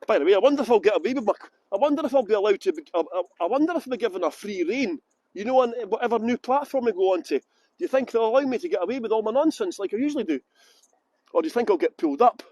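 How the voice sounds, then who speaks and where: Cheeky high-voiced Scottish tour guide. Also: male voice, expressive, very fast, warm tone, dry recording. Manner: cheeky, joking, chatty greetings to viewers. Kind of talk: livestreamed walking tour chat. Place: city streets outdoors. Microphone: phone on a gimbal.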